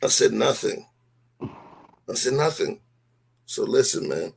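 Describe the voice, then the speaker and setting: Man, husky gravelly voice, emphatic and rhetorical, heated stream talk. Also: mid-range voice, very animated, slow pace. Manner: emphatic, rhetorical, street slang. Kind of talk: heated live-stream discussion.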